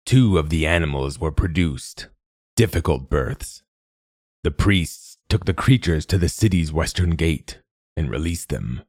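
A man voicing an ancient, secretive machine god in a storybook reading, with a rasping, slow and measured delivery. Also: a bass voice, darkish tone, dry recording, studio quality, heavily acted. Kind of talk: audiobook narration.

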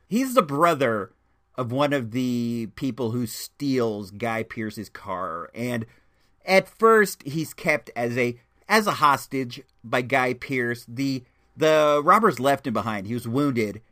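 Chatty man with lively pitch, reviewing movies. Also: slow. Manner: rambling, many restarts and fillers; enthusiastic, chatty.

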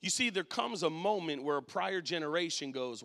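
A man preaching a sermon and telling a personal story, his voice swinging from quiet to loud. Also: fairly high pitch, animated, normal speed, long reverb tail.

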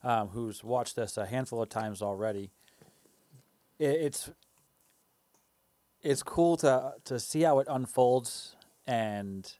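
A man's voice: mid-range voice, takes it slowly, pauses often, dark tone, no room sound. A man co-hosting a podcast, chatting casually with a dry, teasing humor. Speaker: podcast co-host. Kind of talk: casual chat.

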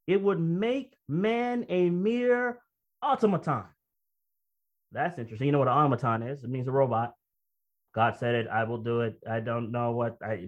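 A man preaching a sermon, reading quotations slowly and then commenting in a conversational, emphatic way with personal stories. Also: high-pitched. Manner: reads quoted text slowly, then comments conversationally and emphatically, often laughing. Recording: dull lo-fi recording.

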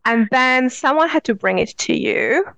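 A woman's voice: high voice, expressive, moderate pace, creaky, fairly bright tone, no room sound. A woman giving earnest, flowing answers as an interview guest who teaches spiritual practice.

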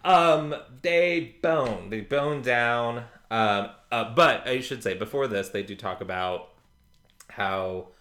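A man co-hosting a podcast in casual chat, trading sarcastic deadpan jokes. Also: medium pitch, takes it slowly. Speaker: podcast co-host.

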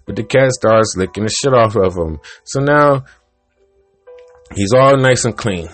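A man's voice: mid-range voice, measured pace, soft background music. A man hosting a podcast, casually telling an old joke in a rambling, profane way that keeps interrupting itself. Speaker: podcast host.

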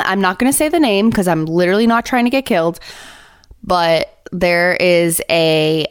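A young adult woman hosting a podcast, telling a story in casual chat, animated and blunt, swearing freely. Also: on the low side, moderate pace, clean tone, no echo, clean studio sound. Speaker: podcast host.

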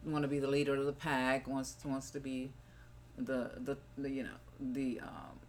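A woman's voice: extremely low pitch, level tone, moderate pace, darkish tone, a little hiss or hum. An older woman, a mother guest on a family podcast, telling stories and reflecting on how she raised her children. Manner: reflective, storytelling, wandering. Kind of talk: casual family chat.

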